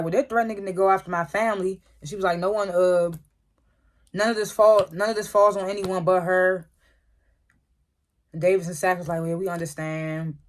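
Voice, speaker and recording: A reviewer loosely retelling a TV episode in a casual recap, with many "like" fillers and frequent throat clearing. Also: mid-range voice. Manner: loose storytelling, lots of "like" and "was like" retellings.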